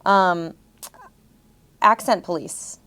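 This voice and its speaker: A young adult woman co-hosting a podcast, in casual chat, chatty and quick to mimic others. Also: on the low side, a bit bright. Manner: chatty, puts on voices when quoting. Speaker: podcast co-host.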